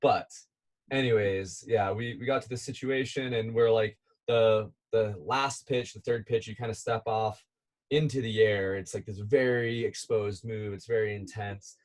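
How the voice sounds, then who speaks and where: A man telling a long outdoor story as a podcast guest, relaxed and chatty, laughing now and then. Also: lowish voice, normal speed. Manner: animated, laughing as he tells a climbing story. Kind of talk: casual storytelling.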